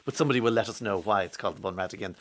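A man's voice: fairly low pitch, racing, a bit bright. An Irish man hosting a radio show, chatting casually and reading out listeners' texts with wry asides.

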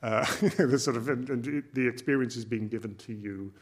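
A man speaking as a panel guest, explaining ideas in a thoughtful, measured way. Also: medium pitch, breathy edge. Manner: thoughtful, explanatory, with soft laughs. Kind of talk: reflective panel discussion.

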